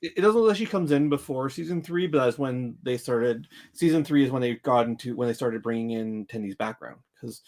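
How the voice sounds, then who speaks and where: A podcast co-host talking things through in a relaxed chat. They often stumble and restart mid-sentence while working out a point. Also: medium pitch, brisk, few pauses. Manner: stammering restarts, thoughtful. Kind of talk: casual chat.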